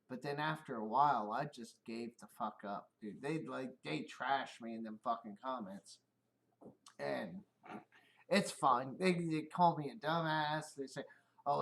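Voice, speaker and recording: A man's voice: on the high side, a bit bright. A middle-aged man on a casual livestream, rambling and swearing, often laughing at his own stories. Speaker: streamer.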